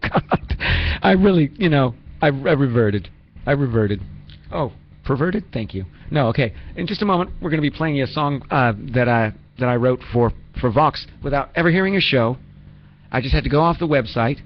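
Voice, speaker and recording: A man's voice: medium pitch, animated, fairly quick, highs cut off. A man hosting a radio show in a rambling, self-mocking comedic manner, full of restarts and asides. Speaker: radio host.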